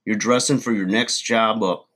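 A man's voice: fairly low pitch, fairly even intonation, normal speed, fairly bright tone. A man, hosting a podcast as a folksy, rambling storyteller in a comic monologue. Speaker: podcast host.

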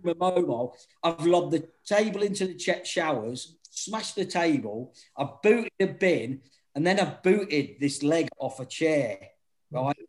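A man's voice: a little high, measured pace. A middle-aged man, telling rowdy anecdotes in casual chat, laughing often and swearing freely. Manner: laughing, swearing, animated storytelling.

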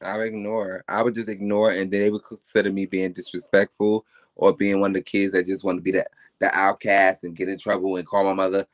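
A man's voice: low-pitched, level tone, brisk. A man, a podcast guest, telling stories in casual interview chat with a blunt, emphatic and profane manner.

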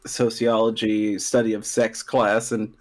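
A man's voice: on the low side, level tone, a little slow. A man chatting casually on a podcast with friends, giving dry, understated replies. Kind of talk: casual chat among friends.

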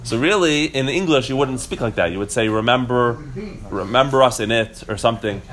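A man's voice: medium pitch, fairly quick, fairly bright tone, slight background noise. A man giving a casual Torah class to a few listeners, explaining step by step with frequent restarts and rhetorical questions. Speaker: teacher.

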